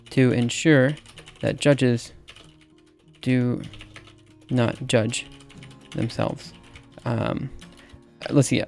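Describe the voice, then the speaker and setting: A thirties Alabama man with a Southern accent chats casually on a livestream while typing, his medium-pitched voice creaky and a little mellow. He's halting and packs his speech with fillers, laughing at himself as he goes. Faint music and keyboard clicks sit in the background.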